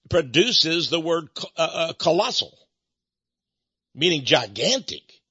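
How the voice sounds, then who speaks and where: Male Texan preacher, folksy and emphatic, slightly higher voice, dry sound. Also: sharp tone, slightly rough, dry recording, dull audio. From Texas. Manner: folksy, emphatic preaching, reads scripture aloud. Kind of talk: sermon.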